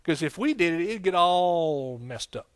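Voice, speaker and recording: A man's voice: a little high, expressive, measured pace. A man preaching a folksy, conversational sermon, with frequent amens and hallelujahs. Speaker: pastor.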